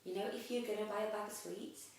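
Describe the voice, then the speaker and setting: A young actress chatting in an interview, lively, with frequent laughs and "um" fillers. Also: female voice, medium pitch, fast talker, creaky. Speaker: actress guest. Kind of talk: casual interview chat. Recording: echoey room, mic at a distance.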